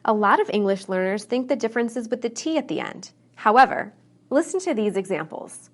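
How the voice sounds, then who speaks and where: A woman with a slightly higher voice delivers a scripted English pronunciation lesson. She reads example sentences slowly, enunciating every sound with care. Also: lively intonation.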